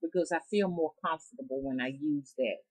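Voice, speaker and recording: A woman's voice: deep voice, fairly quick, darkish tone, breathy edge, poor audio. A woman from the American South with a Southern drawl, telling folk tales in a rambling, chatty way straight to her viewers. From Southern United States. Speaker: rootworker storyteller. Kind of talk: casual storytelling vlog.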